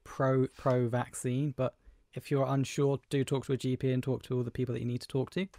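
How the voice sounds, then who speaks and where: A young man co-hosting a casual podcast, jokey, with quick interjections. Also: medium pitch, flat delivery, dark tone, dry recording. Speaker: podcast co-host. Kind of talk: casual chat.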